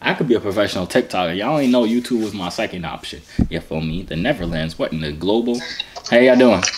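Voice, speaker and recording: A man's voice: lowish voice, animated, quick pace, noisy background. A young man from Arkansas, joking around with strangers on a phone video chat. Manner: playful, joking, teasing. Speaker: YouTuber.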